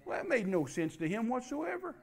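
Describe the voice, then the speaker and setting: A man's voice: very high voice, big pitch swings, a little fast, vocal fry, a little mellow, slightly rough. A man preaching a sermon, emphatic and repetitive, spelling out key words letter by letter.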